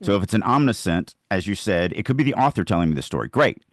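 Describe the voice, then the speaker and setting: A man with a low voice talks about writing in a podcast chat. He makes emphatic points from the reader's side, recorded dry and close with no room sound. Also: big pitch swings, fast, no echo. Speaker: podcast co-host. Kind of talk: casual discussion on writing craft.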